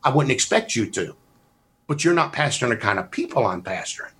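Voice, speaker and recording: Gravelly, preachy man. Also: mid-range voice, very animated, brisk, fairly bright tone. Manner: fervent, folksy preacher's cadence. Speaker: pastor. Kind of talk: heated debate.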